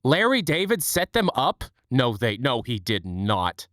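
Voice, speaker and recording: A man's voice: mid-range voice, wildly swooping pitch, a bit bright, no echo, studio quality. A young man hosting a livestream, chatting with viewers in a rambling, joking way at home. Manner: rambling, joking, quick asides. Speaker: livestream host. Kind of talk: casual chat with chat viewers.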